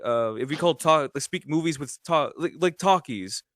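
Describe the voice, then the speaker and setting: A man's voice: on the high side, animated, normal speed, fairly bright tone, no room sound, clean studio sound. An American man chatting casually with friends on a voice call, rambling and restarting his sentences as he goes. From United States. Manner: rambling, restarts mid-thought. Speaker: cast member of a fan abridged series. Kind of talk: casual group chat.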